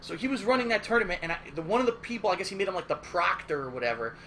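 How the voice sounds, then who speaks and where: Bright, high-voiced man telling stories. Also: racing, slight background noise. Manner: animated, profane, emphatic retelling. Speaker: gaming streamer. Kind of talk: casual storytelling.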